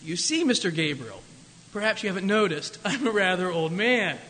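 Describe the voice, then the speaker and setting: Brief: a man doing an incredulous old priest, high bright voice, long hall reverb. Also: very animated, moderate pace, slight background noise, full character voice. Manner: incredulous, talking back. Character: older man, a priest, flustered and doubting.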